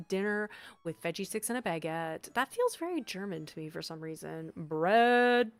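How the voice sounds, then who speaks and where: A chatty Canadian woman streams while she works, reading chat aloud and reacting with bright, sudden exclamations. Her voice sits at an ordinary middle pitch, recorded close and dry with faint music playing underneath. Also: no room sound. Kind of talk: casual live-stream chat.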